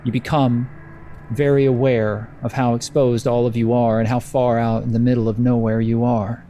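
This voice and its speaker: Mellow-voiced man narrating a horror game. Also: medium pitch, level tone, slight background noise. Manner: slow, atmospheric descriptive narration. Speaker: game master.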